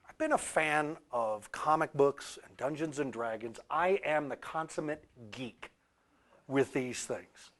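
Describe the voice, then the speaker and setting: A man telling a story in a talk about archetypes, animated, with loud peaks and quiet asides. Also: on the high side, a little slow. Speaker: author and speaker on archetypes.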